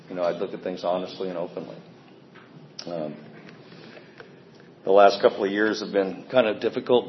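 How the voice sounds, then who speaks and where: A man giving a candid, plainspoken personal recovery testimony, self-deprecating about his past behavior. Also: low voice. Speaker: speaker sharing a recovery story. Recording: echoey, dull sound with faint ambient noise.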